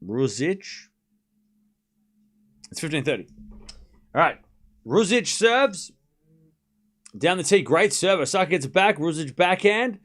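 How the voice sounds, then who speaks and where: A man hosting a live tennis watchalong stream, calling points in quick bursts and chatting with viewers, often stumbling over player names. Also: fairly high pitch, animated, a bit bright. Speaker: livestream tennis watchalong host. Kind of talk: live play-by-play commentary mixed with casual chat.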